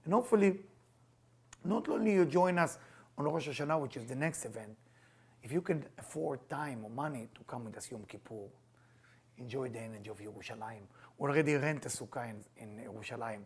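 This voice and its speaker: A middle-aged man teaching a group, telling stories in an animated way and acting out the lines of the people in them. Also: medium pitch, fairly quick, husky. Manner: animated, acts out quoted dialogue. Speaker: Kabbalah teacher. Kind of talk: storytelling talk to a group.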